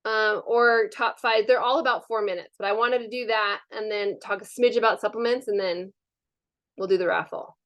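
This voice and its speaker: A chatty, upbeat woman leads a live online workshop over a video call. She talks at a middling pitch and keeps things casual, with plenty of fillers as she walks the group through each step. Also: steady tone, normal speed, fairly bright tone. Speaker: wellness class presenter.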